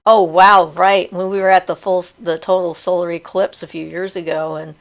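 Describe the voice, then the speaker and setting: A middle-aged woman hosts a relaxed live chat in a low, gravelly voice. She is chatty and laughs easily, and she breaks off to read viewer comments aloud. Her speech is loose and conversational, with plenty of fillers. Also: moderate pace.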